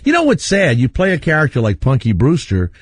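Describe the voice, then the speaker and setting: A man's voice: mid-range voice, fairly quick, no room sound. A middle-aged man hosting a radio show, telling stories in casual chat and laughing often. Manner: animated storyteller, laughs often. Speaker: radio host.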